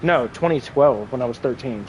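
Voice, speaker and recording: A man's voice: mid-range voice, moderate pace, a little mellow, slight background noise, poor audio. A man in his twenties streaming a game and chatting with viewers, telling crude jokes and laughing often. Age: 20s. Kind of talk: casual livestream chat with viewers.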